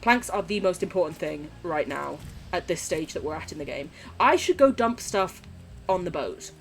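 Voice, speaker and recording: Streamer lady reading chat while she plays, swears like crazy, super animated pitch, soft music underneath. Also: normal speed. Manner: swears freely, gushing and affectionate. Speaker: live streamer. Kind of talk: casual gaming stream chat.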